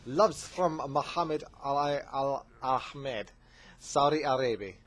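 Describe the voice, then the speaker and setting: A man's voice: medium pitch, slow, close to an everyday voice. A man putting on a voice to read out a polite, formal question from a male viewer.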